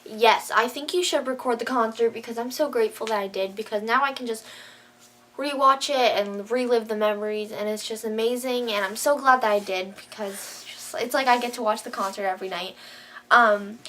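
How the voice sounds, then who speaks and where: A woman's voice: a little high, steady tone, fairly quick, a bit bright, a little hiss or hum. A woman vlogger chatting casually to camera, gushing and filling her talk with "like". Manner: gushing, says "like" a lot.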